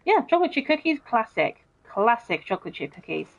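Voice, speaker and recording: Her voice is on the high side with vocal fry, big pitch swings and a brisk pace as this young woman streams a game and reads viewer comments. Chatty and blunt, she curses freely and keeps saying "bro." The audio is muffled and dull.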